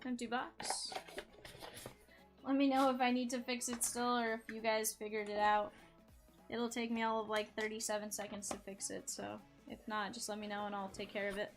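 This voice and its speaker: A woman's voice: fairly high pitch, little pitch movement, normal speed, music in the background. A woman hosting a live card break stream, chatty and upbeat, talking straight to her viewers.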